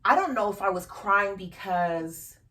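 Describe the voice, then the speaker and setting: A woman's voice: medium pitch, animated, unhurried, bright, forceful tone. A woman hosting a podcast, telling a personal story frankly and emotionally, with casual swearing. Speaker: podcast host. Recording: distant from the mic.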